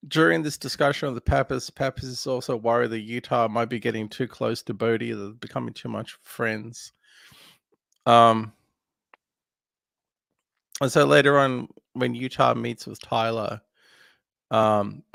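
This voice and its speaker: A man with a very gravelly, creaky voice recaps a film plot casually. He wanders through the story with lots of ums. The sound is close and dry, with no room behind it. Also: mid-range voice, a bit bright, dry recording. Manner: meandering, filler-heavy retelling. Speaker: film podcast co-host.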